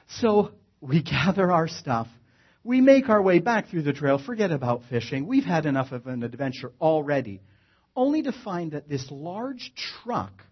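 Guy telling a funny story live, really animated, kinda husky, muffled lo-fi sound. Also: on the high side. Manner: animated, wry, acts out the action.

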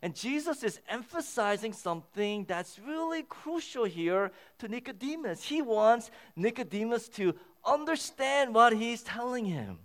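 A man's voice: very high voice, sing-song, unhurried, hardly any pauses, fairly bright tone. A man preaching a sermon as pastor. He talks to the congregation in a conversational way, stresses key phrases and repeats them, and his voice climbs when he makes a point. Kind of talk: sermon with scripture reading.

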